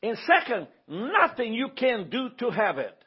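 On a dull lo-fi recording, a man teaches a Bible class as pastor in a conversational style, frequently checking with the room for confirmation. His voice is extremely high-pitched and slightly rough, with huge pitch swings and a measured pace.

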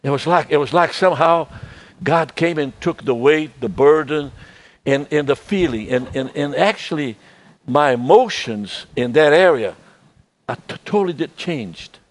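Older man preaching, halting and soft. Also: on the high side, lively intonation. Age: 70s. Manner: halting, repeats words, drops to soft tones. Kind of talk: sermon.

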